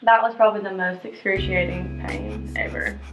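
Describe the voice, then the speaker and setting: A woman's voice: lowish voice, very animated, moderate pace. A young woman chatting candidly and casually, with many fillers. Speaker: interviewee. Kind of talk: casual chat. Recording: dull lo-fi sound with music behind.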